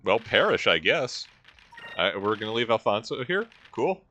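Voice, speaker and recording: A man's voice: on the low side, sing-song, normal speed, bright, forceful tone, slight background noise. A man hosting a let's-play, giving sardonic, jokey and rambling commentary. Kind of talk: casual gameplay commentary.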